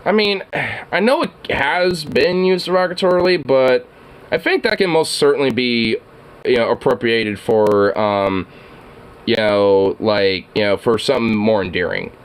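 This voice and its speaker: A man's voice: mid-range voice, lively intonation, a little slow, clear, resonant tone. A man hosting a reaction video, rambling casually with swearing, frequent laughs and many fillers.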